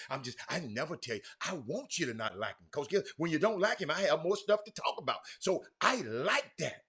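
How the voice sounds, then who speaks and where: A man with a Houston accent hosts a sports talk stream, calling out viewers by name and repeating himself as he gets worked up. His voice sits high and bright and swings widely in pitch. He talks loudly and excitably throughout. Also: fairly quick, few pauses. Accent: Southern US, Houston. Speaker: sports talk show host. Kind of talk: animated live-stream sports talk, reading viewer comments.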